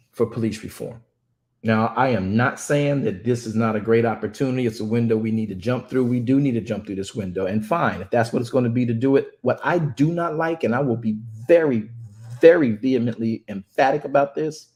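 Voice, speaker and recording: A man's voice: medium pitch, moderate pace, darkish tone. A man from a ministry giving impassioned commentary, emphatic and repetitive, often stammering as he restarts phrases. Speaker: ministry speaker.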